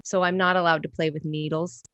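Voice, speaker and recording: A woman in her thirties plays along as a podcast guest, deadpan and matter-of-fact. Her voice sits a little low, and the sound is close and dry. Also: a little fast, dry recording. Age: 30s. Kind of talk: improvised comedy podcast.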